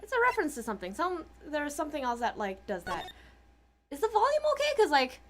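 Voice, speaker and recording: A woman's voice: sits high, huge pitch swings, fast talker, slight background noise. A woman streamer chatting casually while playing a game, chatty and giggly. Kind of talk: casual gameplay chat. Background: game music.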